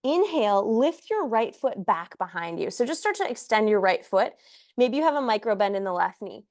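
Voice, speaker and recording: Slightly out of breath, a young yoga teacher guides her class through breaths and poses with playful encouragement. She speaks at normal speed in a mid-range, sing-song voice that's a little mellow.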